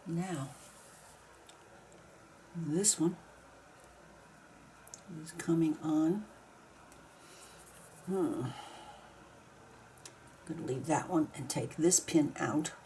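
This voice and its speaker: A woman talks her way through a craft project in a slow, unhurried voice, step by step, muttering small complaints as she goes. Her voice is warm and mellow. A faint hum of room noise sits behind her. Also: sits low. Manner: chatty, mildly grumbling, talks herself through each step. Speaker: craft video maker. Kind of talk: casual narration while crafting.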